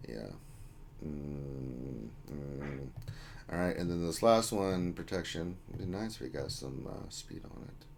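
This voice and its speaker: A man's voice: rumbling low, gravelly, a little mellow, a little hiss or hum. A man hosting a casual livestream, reading out chat names and greetings in a loose, joking way. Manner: reads chat names aloud, jokey and loose. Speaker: livestream host.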